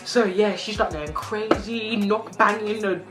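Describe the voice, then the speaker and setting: A woman's voice: medium pitch, measured pace. Young girl telling a story, dramatic and jokey, music playing behind. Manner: animated, dramatic, laughing storyteller. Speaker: vlogger. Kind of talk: storytime vlog. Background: background music.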